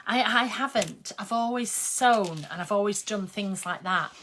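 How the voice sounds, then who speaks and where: A woman's voice: mid-range voice, normal speed, hardly any pauses, a bit bright, a little hiss or hum. An older woman, chatting casually and rambling while she sews on a live stream. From England. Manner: chatty, rambling, with many ums. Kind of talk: casual chat while sewing.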